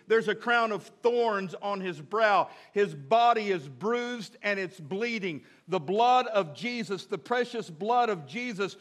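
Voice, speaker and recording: A man's voice: high-pitched, fairly bright tone. A male pastor preaching a sermon in an emphatic, repetitive way.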